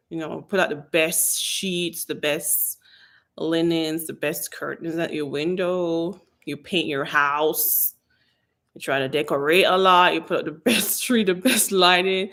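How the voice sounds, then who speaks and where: A woman from Jamaica with a Jamaican accent, hosting a live stream about hair care and answering viewers' questions in a sassy, animated, chatty way. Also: on the low side. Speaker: hair care channel host. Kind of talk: casual live-stream Q&A chat.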